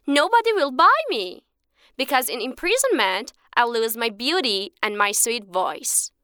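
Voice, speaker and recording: A woman doing a tiny talking bird from a storybook, high and bright in tone. It lectures with calm patience, its voice leaping up and down, smooth and close in a dry recording. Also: measured pace, no echo. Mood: earnest. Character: small magical talking bird, wise and calm.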